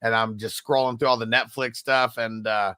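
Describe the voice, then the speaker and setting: A man's voice: medium pitch, fairly even intonation, normal speed, pushed and bright, clean tone, no room sound, studio quality. A man co-hosting a podcast in casual chat, talking in a plain, conversational way. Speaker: podcast co-host.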